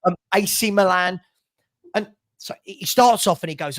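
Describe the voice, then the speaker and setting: A man with a notably high-pitched voice hosts a heated football fan chat. He rants with passion, doubles back on his words and laughs between points. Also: expressive, normal speed. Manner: passionate ranting, repeats himself, laughs often. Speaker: fan channel host.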